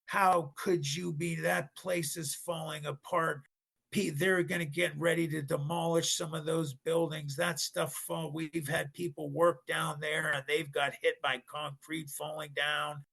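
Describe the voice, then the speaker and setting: A man putting on a middle-aged dad who is losing it at the kids. The voice is pushed high, with a gravelly edge. He yells and scolds with a frantic bite that never lets up. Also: flat delivery, measured pace, exaggerated voice. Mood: furious. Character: furious middle-aged dad yelling at teens.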